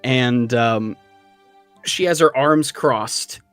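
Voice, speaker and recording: A man narrating as game master of a tabletop game, talking in an unhurried, halting way with many fillers. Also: mid-range voice, a bit bright, clean tone, dry recording, faint music behind.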